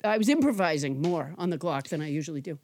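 A woman's voice: low voice, lively intonation, quick pace, a little mellow. A woman hosting a comedy talk show, reciting word definitions in silly rhymes and riffing in playful banter. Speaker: comedy podcast host.

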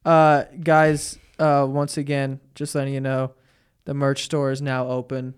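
A man's voice: medium pitch, monotone, measured pace, clean tone. A young man hosting a podcast, telling crude stories and laughing through casual banter with friends. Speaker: podcast host.

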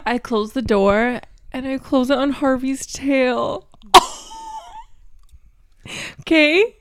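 A woman's voice: high-pitched, moderate pace, clean tone, no room sound, clean studio sound. A young woman co-hosting a podcast, telling stories in a chatty way with lots of fillers and giggles. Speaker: podcast co-host. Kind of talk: casual chat.

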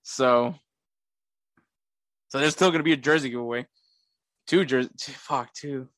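This podcast host has a medium-pitched, fairly bright voice and keeps a measured pace, recorded cleanly in a studio with no echo. He runs a casual sports show, laughing often and poking fun at himself.

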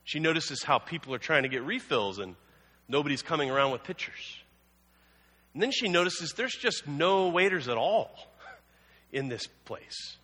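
A man's voice: fairly high pitch, lively intonation, moderate pace, bright, forceful tone. A man preaching a sermon as a pastor, telling the story conversationally with humorous asides. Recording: long hall reverb.

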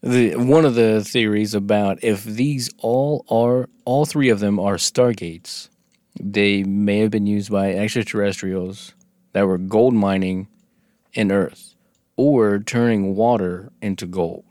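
Low-voiced man in casual podcast chat. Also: fairly even intonation, darkish tone, no room sound, clean studio sound. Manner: joking, reads from notes with halting restarts. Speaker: podcast co-host.

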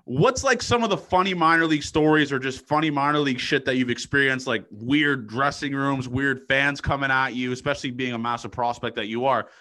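A man hosting a casual podcast, asking rambling questions full of fillers with lively energy. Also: mid-range voice, a little fast, hardly any pauses. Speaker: podcast host.

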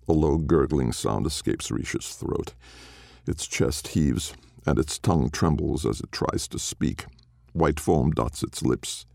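Brief: deep-voiced male narrator, slow and grave, heavy vocal fry. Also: darkish tone, no room sound, clean studio sound. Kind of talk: audiobook narration.

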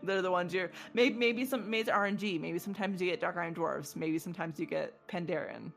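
A woman's voice: on the low side, fairly quick, creaky. A bubbly woman co-hosts a laid-back gaming podcast and laughs often as she chats. Faint music plays under her voice. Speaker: podcast co-host. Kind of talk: casual podcast chat.

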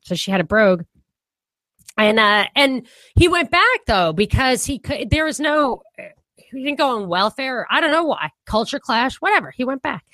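A woman's voice: sits high, very animated, moderate pace, sharp tone, no echo. Woman on a podcast going on about politics, lots of restarts, dry close sound. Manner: rambling, restarts often, laughs easily. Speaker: podcast co-host. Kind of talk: casual political chat.

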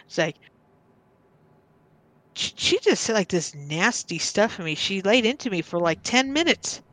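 A woman's voice: medium pitch, sing-song, unhurried, a bit bright. A woman guest on a podcast, casually telling a personal story and often stopping to restart or repeat her words.

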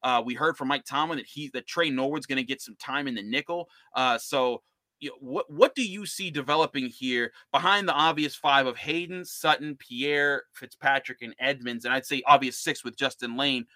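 A man's voice: medium pitch, moderate pace, pushed and bright, no echo. A man hosting a casual sports podcast, talking through football roster picks in a conversational way, with frequent restarts. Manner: conversational, many restarts and fillers. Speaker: podcast host and NFL analyst.

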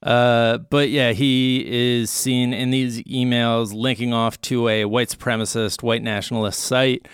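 A man in his thirties co-hosting a casual news podcast, laying out each topic at an easy pace with plenty of "uh" pauses. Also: mid-range voice, smooth, no room sound, clean studio sound. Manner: relaxed, lays out topics with frequent "uh" pauses. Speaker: podcast co-host.

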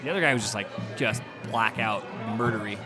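A man's voice: on the low side, a little fast, over loud music. A man telling a long story in casual chat, rambling and profane, often laughing.

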